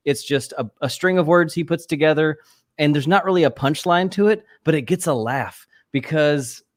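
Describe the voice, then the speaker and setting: A man's voice: a little high, normal speed. A man hosting a podcast, talking thoughtfully and hesitantly about comedy. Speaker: podcast host. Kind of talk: casual podcast chat.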